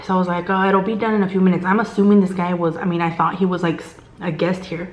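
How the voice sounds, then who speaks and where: A woman's voice: lowish voice, fast, a little hiss or hum. A woman vlogger casually telling a story from work, acting out what people said to her. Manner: chatty, animated quoting of others; drops to a hushed whisper at tense moments. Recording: echoey room.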